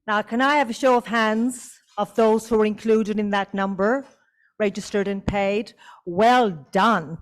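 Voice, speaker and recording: A woman's voice: mid-range voice, unhurried, low-quality recording. An Australian woman, a committee chair, addresses a club meeting in a hotel function room, teasing and coaxing the audience. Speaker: convention committee chair giving an update.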